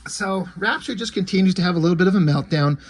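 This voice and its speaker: Man, comic book recap, casual, filler-heavy, slightly raised pitch. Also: fast talker. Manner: loose, chatty, with many fillers.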